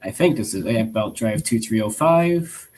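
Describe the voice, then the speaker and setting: A man's voice: fairly low pitch, expressive, moderate pace, darkish tone, a little hiss or hum, low-quality recording. A man as a guest on a casual livestream, speaking hesitantly and searching for words.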